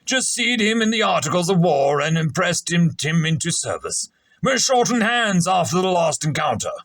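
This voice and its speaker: A man's voice: high voice, big pitch swings, normal speed, a bit bright, voice pushed up, heavily acted. A man putting on a blustering, pompous old naval captain. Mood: brusque. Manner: brusque, commanding, blustering.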